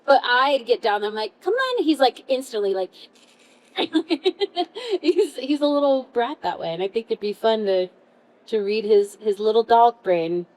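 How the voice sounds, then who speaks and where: A woman voice actor chatting on a convention panel, bubbly and quick to laugh. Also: medium pitch, poor audio.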